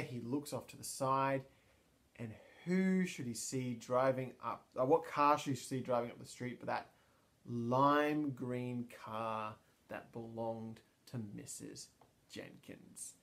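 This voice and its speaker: Aussie guy running a solo tabletop game, rambly, lots of ums. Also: mid-range voice. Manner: rambling, thinking aloud with many ums and restarts. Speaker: storyteller and player.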